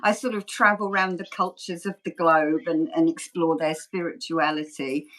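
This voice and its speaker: Deep-voiced and fairly bright in tone, this woman speaks steadily at a normal speed as a video-call guest. The ASMR creator and Reiki healer keeps the interview relaxed, frequently laughing, teasing herself and wandering off on tangents.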